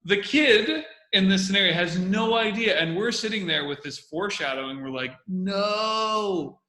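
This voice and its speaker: Bright, energetic male commentary host. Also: sits high, fairly quick, roomy sound. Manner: energetic, repeats phrases. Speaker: host analyzing comedy. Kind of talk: casual video commentary.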